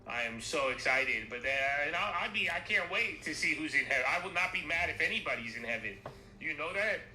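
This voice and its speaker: A man's voice: on the high side, animated, fairly quick, pushed and bright. A man talking casually and rambling, swearing freely and acting out imagined conversations. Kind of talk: casual chat. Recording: echoey room with noise.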